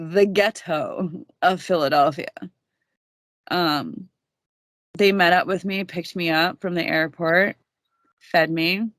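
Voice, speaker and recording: A woman's voice: on the low side, vocal fry, no room sound. A young woman, a podcast guest, telling her story in a candid, casual way, swearing freely.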